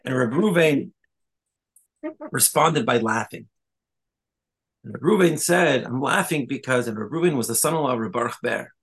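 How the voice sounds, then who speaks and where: A rabbi giving a conversational Torah talk, telling stories with Hebrew and Yiddish terms and quick asides. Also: male voice, mid-range voice, animated, a bit bright.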